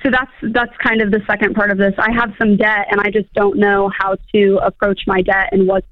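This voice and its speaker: A woman's voice: medium pitch, level tone, a little fast, dry recording. Hesitant young woman caller on a tinny phone line. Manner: earnest, hesitant, laughs nervously. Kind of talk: radio advice call.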